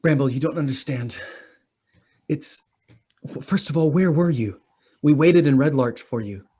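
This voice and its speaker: A man's voice: fairly high pitch, measured pace, mellow, husky, pitched above the performer's own voice. A man voicing a fervent young noblewoman, the sister of another character, who pleads and preaches with rising conviction during a tabletop game. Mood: upset. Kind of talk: tabletop role-play acting.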